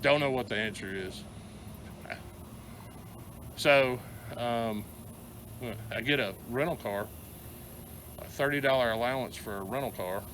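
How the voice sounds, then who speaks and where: A man's voice: medium pitch, a little slow, long pauses, a bit bright, slight background noise. A middle-aged man with a Southern American accent, ranting angrily to camera, rambling and stumbling over repeated words. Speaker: vlogger. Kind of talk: angry venting rant to camera.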